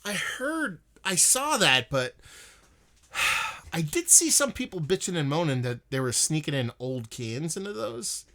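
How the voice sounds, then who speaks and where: A man's voice: on the high side, big pitch swings, measured pace, pushed and bright. A young man hosting a casual beer livestream, rambling with lots of swearing while he reads out and answers chat comments. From northeastern United States.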